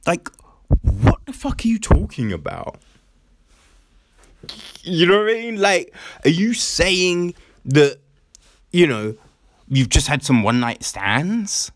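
A man's voice: a little high, very animated, slow, long pauses, no echo, clean studio sound. A man giving casual commentary, mocking and incredulous, swearing often and laughing.

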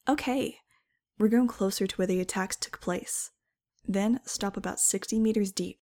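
A woman voicing a cheerful older female marine biologist who talks in a brisk, sing-song way. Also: medium pitch, darkish tone, lightly acted.

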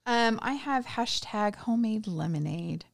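A woman's voice: medium pitch, animated, measured pace, creaky. A woman chatting casually about a film, retelling scenes with enthusiastic asides. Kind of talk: casual chat recapping a film.

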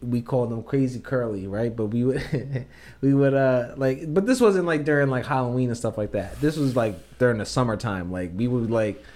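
A man's voice: mid-range voice, moderate pace, darkish tone. A young man co-hosting a podcast, rambling through a story in casual slang and restarting his sentences often. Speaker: podcast co-host. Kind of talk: casual chat.

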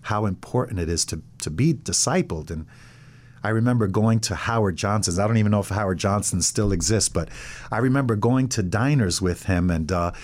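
A man's voice: on the low side, brisk, darkish tone. A middle-aged man, a pastor, telling his faith story in an interview and acting out the voices of people in it. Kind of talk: testimony in an interview.

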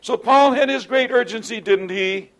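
A man's voice: extremely high pitch, normal speed, fairly bright tone. A man teaching a Bible study in an earnest lecturing way, often asking rhetorical tag questions of his listeners.

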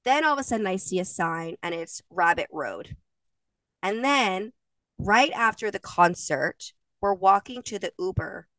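A woman's voice: mid-range voice, expressive, unhurried, fairly bright tone, no room sound, distant mic. A woman in her thirties, co-hosting a podcast and telling stories in a chatty, emotional way, laughing often. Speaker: podcast co-host. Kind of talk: casual chat.

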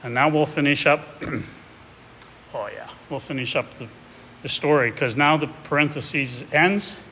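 A man's voice: on the high side, measured pace, pushed and bright. A man preaching a sermon in a conversational, reflective way, with hesitant restarts, sometimes reading a passage aloud. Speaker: pastor. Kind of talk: expository sermon with a read-aloud excerpt. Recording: distant voice with hall reverb and faint noise.

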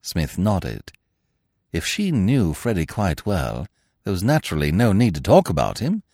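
A man narrates a classic novel in a low voice with very wide, animated swings of pitch. His delivery is measured and expressive, and the close mic makes the sound dry. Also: no room sound.

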